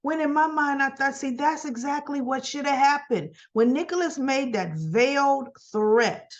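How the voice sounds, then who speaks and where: Chatty woman recapping a soap, muffled. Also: a little high. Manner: chatty, gossipy, many asides and restarts. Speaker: soap opera review vlogger. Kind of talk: casual episode recap and commentary.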